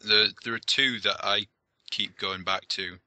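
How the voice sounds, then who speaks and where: A man's voice: fairly low pitch, steady tone, unhurried, pushed and bright, dry recording. A man chatting casually on a gaming podcast, easygoing and laughing along. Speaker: podcast co-host. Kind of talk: casual chat.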